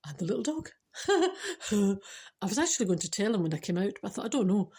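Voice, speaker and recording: A woman's voice: medium pitch, big pitch swings, quick pace, mellow, husky. An older Scottish woman telling a personal spiritual story in a chatty, laughing way, switching to earnest teaching. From Scotland. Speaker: spiritual vlogger. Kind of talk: casual storytelling to camera.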